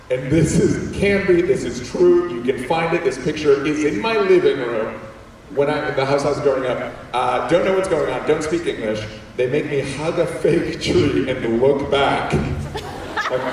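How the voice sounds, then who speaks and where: A young man from Puerto Rico, whose first language is Spanish, giving an animated comic story talk to a school assembly. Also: a little high, moderate pace. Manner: animated, jokey, quotes people in voices. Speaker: guest speaker. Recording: echoey hall, distant mic, faint room noise.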